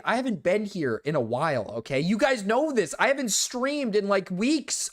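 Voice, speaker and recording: A young man streaming live, chatting casually and reacting defensively, moving between low mumbles and loud protests. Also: sing-song, moderate pace, few pauses.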